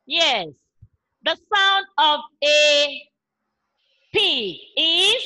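Slow sing-song Nigerian woman teacher. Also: sits high, lively intonation, sharp tone. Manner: slow, sing-song, imitates animal sounds. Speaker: primary school teacher. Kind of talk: online class for young children.

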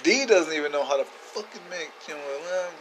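Man, slightly higher voice, rambling casual storyteller who gets loud and excited; phone video message with faint ambience behind. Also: fairly quick, slight background noise, poor audio. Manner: rambling and laid-back, with many fillers and casual swearing. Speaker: sender of a video message to a friend.

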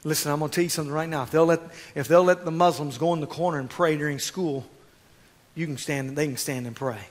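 A man preaching a sermon as pastor, swinging from quiet asides to loud, fervent exhortation. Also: fairly high pitch, fast, long reverb tail.

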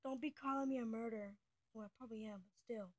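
A woman's voice: on the high side, steady tone, quick pace, a little mellow. A young female speaker who says she is twelve, chatting casually and giggling often as she hops between topics. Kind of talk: casual chat on a call.

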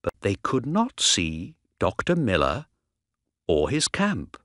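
A man narrating a graded reader story aloud, slow, deliberate and expressive. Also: lowish voice, no echo, studio quality. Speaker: audiobook narrator.

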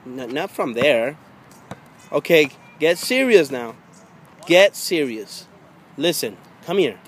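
Man coaching a child, urging loudly. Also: big pitch swings, slow. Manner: encouraging, repetitive coaxing, gets loud and high when urging. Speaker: father coaching his daughter at basketball. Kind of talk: casual coaching. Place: outdoors by a hoop. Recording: faint outdoor background noise.

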